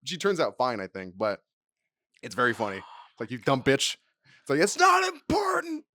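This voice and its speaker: A man's voice: mid-range voice, expressive, normal speed, no echo. Laid-back young man, dry close sound. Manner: laid-back, agrees with "yep", acts out quotes with shouted voices. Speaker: podcast co-host. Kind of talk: casual chat.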